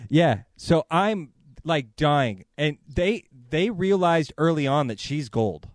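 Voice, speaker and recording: A man co-hosting a podcast and telling a funny story in a casual, animated way. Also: on the high side, takes it slowly, no echo, studio quality. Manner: animated storyteller who laughs through his own story. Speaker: podcast co-host.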